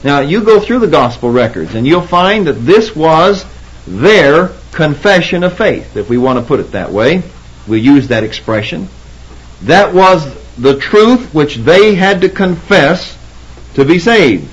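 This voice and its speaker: A man preaching an expository Bible sermon. He cites chapter and verse and reads scripture slowly, and he repeats key words for emphasis. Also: fairly high pitch, very animated, slightly rough, low-quality recording. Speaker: Bible teacher.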